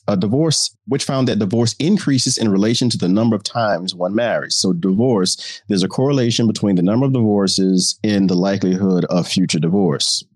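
A man's voice: on the low side, a little mellow, husky, no room sound, studio quality. A man hosting a solo show, talking casually to his listeners, repeating and riffing as he goes. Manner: casual, chatty, addresses listeners as y'all. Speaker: host. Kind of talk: solo podcast monologue.

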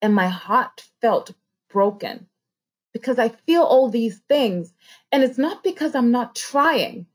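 A woman's voice: on the high side, expressive, slow pace, slightly rough. A woman speaking in an earnest, heartfelt personal monologue on a podcast, repeating phrases for emphasis.

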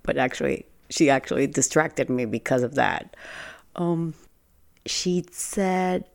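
A woman's voice: very deep voice, unhurried, gravelly. A woman giving an earnest motivational talk, telling a personal story in a conversational way and stressing points by repeating herself. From Spanish-speaking. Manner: earnest, conversational, with restarts and emphatic repetition. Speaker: personal branding speaker.

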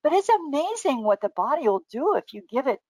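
An older woman, a great-grandmother and naturopathic doctor, casually telling lively anecdotes, laughing often and acting out the voices of people she quotes. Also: high-pitched, a little fast, no room sound, rough recording. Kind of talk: casual storytelling.

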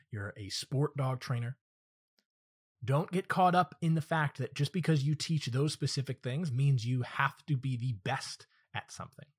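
A man's voice: medium pitch, breathy edge. A man hosting his own podcast as a dog trainer, teaching and telling stories in a direct, earnest monologue. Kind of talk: solo podcast monologue with storytelling.

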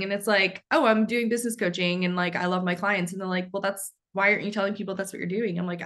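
A woman's voice: medium pitch, fairly even intonation, quick pace, a bit bright. A woman hosting a casual podcast, speaking candidly, swearing casually and laughing at herself. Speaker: podcast host.

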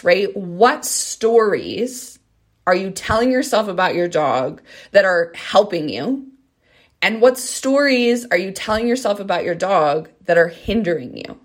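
Earnest conversational woman podcaster. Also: fairly low pitch. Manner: earnest, conversational, asks listeners "right?" and "okay?". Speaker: podcast host and dog trainer. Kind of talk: solo podcast monologue.

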